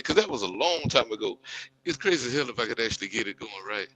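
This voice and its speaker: A man's voice: mid-range voice, fast talker, poor audio. Rambling man over a chattering crowd. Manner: rambling, says "and stuff" a lot. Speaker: panel guest. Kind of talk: casual panel chat.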